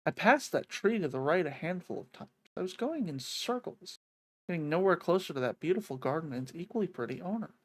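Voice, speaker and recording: A woman reading a visual novel aloud, an expressive reader who breaks off to swear and joke, on a close mic. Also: lowish voice, brisk. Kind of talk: reading a game's narration aloud with live reactions.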